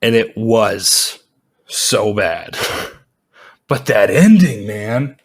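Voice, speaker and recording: Guy doing a chill movie review vlog, kinda low voice, rambly, says like a lot. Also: drawn-out words, breathy edge. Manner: rambling, animated, many fillers, laughs often.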